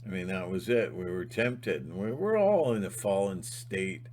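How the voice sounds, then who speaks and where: A man giving a rambling spiritual monologue, halting and restarting often. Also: low-pitched, sing-song, a little mellow, slight background noise. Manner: halting, full of fillers and restarts. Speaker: channel host.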